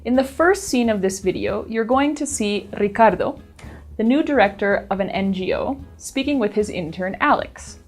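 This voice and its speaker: A woman narrates a language lesson in a clear, explanatory, evenly paced way. Her voice sits at an ordinary middle pitch, with soft background music under it. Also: lively intonation, normal speed. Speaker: teacher and narrator.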